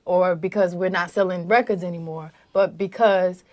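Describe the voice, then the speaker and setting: A woman singer answering in a group interview, earnest and measured, with some fillers. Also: lowish voice, fairly even intonation, dull audio, a crowd in the background.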